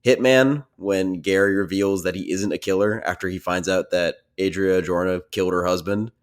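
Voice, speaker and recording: A man's voice: low voice, steady tone, moderate pace. A young man co-hosting a casual movie podcast, dry and laughing at his own picks. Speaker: podcast co-host.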